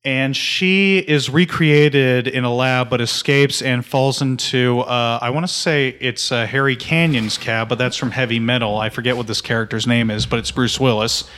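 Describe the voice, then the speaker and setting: A man co-hosting a casual movie podcast, summarizing the plot in a relaxed way with fillers. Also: mid-range voice, normal speed, few pauses. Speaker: podcast co-host.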